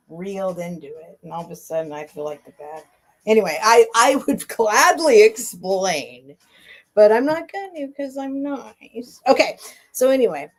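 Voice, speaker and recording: A middle-aged woman hosting a casual live sale stream, talking in a chatty, rambling way with emotional asides. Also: medium pitch.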